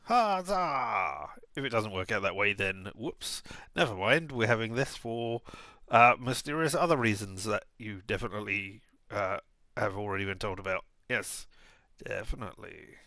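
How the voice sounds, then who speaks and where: A man's voice: on the low side, normal speed, pushed and bright, dry recording. A man casually commenting as he plays a point-and-click game, rambling with self-mocking asides. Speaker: streamer.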